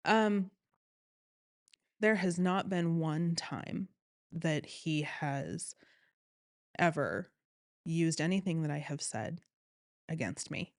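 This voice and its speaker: A woman telling her own story as an interview guest, earnest and animated, often quoting what others said. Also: low voice, takes it slowly, pauses often, no echo, studio quality. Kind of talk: personal story in conversation.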